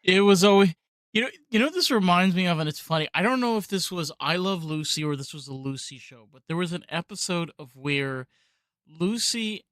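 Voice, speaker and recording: A woman's voice: lowish voice, expressive, brisk, no echo, studio quality. A woman hosting a podcast, chatting casually and with enthusiasm as she recalls something she once watched. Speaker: podcast host. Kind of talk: casual interview chat.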